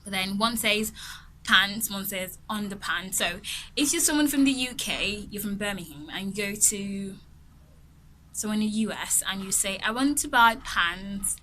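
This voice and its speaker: A woman's voice: mid-range voice, moderate pace, pushed and bright, slight background noise, low-quality recording. A woman teaching English vocabulary in a chatty, casual way, often laughing and correcting herself as she goes. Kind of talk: casual explanatory lesson.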